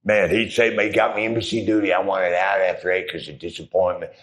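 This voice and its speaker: Middle-aged ex-Marine guest, very low voice, rambling crude storyteller. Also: male voice, steady tone, quick pace, fairly bright tone. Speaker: interview guest, former Marine. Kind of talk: casual storytelling.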